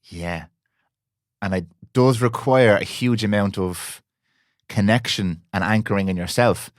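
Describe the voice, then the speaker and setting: A man's voice: on the low side, a little slow, dry recording, studio quality. A man hosting a podcast conversation, speaking candidly and earnestly, with frequent restarts and casual swearing. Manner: candid, earnest, swears freely, repeats words when restarting. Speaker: podcast host.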